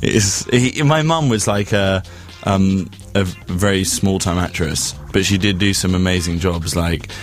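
Deep-voiced comedian, self-mocking. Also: male voice, measured pace, few pauses, faint music behind. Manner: self-mocking, rambling storyteller. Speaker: comedian guest. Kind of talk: casual chat.

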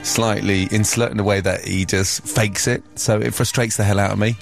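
A man's voice: on the low side, fairly even intonation, brisk, creaky, soft background music. A man guesting on a radio show, talking casually and hesitantly with many ums and restarts. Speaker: studio guest, chef. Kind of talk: casual interview chat.

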